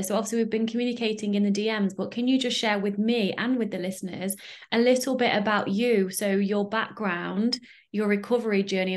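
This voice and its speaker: A woman hosting a podcast and coaching, chatting casually with her guest and laughing often. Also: medium pitch. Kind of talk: casual interview chat.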